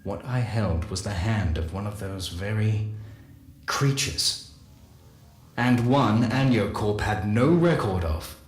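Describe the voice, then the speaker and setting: An actor playing a solemn male scientist narrating a game audio journal, measured and confessional. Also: on the low side, animated. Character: solemn male scientist recounting guilty secrets. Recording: echoey voice with faint music.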